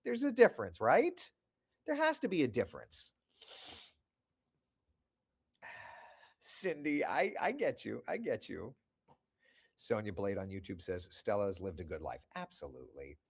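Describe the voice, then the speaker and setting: Lively low-voiced man chatting with viewers. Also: normal speed, vocal fry, husky. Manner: chatty, self-deprecating, reads viewer comments aloud and answers them. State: recovering from lost voice. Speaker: host reading live chat comments. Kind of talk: casual livestream chat.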